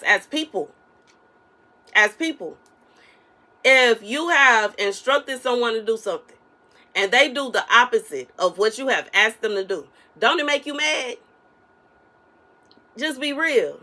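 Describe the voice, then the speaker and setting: A woman delivering a casual spoken prophetic message in her soft everyday voice, repeating phrases for emphasis and often asking "you know what I'm saying.". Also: a little high. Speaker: online prophetic minister.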